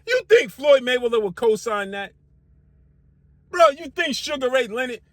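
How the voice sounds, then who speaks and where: A man's voice: extremely high pitch, animated, moderate pace, a bit bright, no echo, clean studio sound. A man hosting a sports channel, firing off rhetorical questions in a heated, slangy boxing commentary rant. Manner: slangy casual speech.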